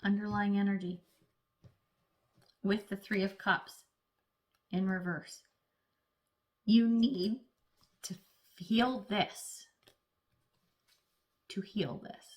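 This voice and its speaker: A woman's voice: medium pitch, steady tone, very slow, pauses often. A woman giving a casual, chatty tarot reading, playfully acting out little voices as she talks. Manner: speaks of herself as an earth sign. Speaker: tarot reader.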